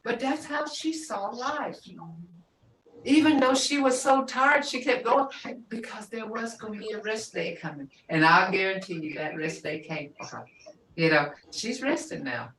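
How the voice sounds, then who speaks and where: Heard from a distance in an echoey room with a faint hiss beneath, an older woman leads a language class. She speaks unhurriedly, like telling a story, and often laughs. Her medium-pitched voice is a bit bright with lively intonation.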